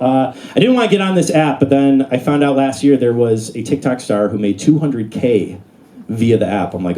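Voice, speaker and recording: This young stand-up has a medium-pitched, mellow voice and sounds animated at a normal speed. Performing live on a comedy club stage, he rambles casually with lots of fillers, and background noise from the room is audible.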